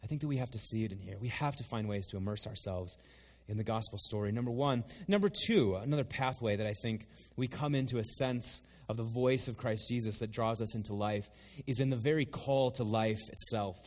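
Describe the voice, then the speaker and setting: A man preaching a sermon in a lively, conversational way with playful asides. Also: lowish voice, a little fast. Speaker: pastor. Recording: long hall reverb.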